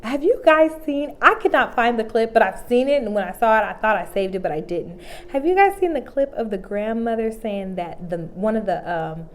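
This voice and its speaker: A woman's voice: a little high, normal speed, few pauses. A woman hosting her own vlog, chatting casually and animatedly to her viewers. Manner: chatty and animated, full of "like" and "honey". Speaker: vlog host. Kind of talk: casual chat to camera.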